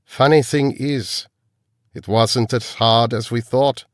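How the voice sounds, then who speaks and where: A man's voice: mid-range voice, steady tone, takes it slowly, no echo, studio quality, pitched above the performer's own voice, close to an everyday voice. A man voicing a smug older male accomplice scientist.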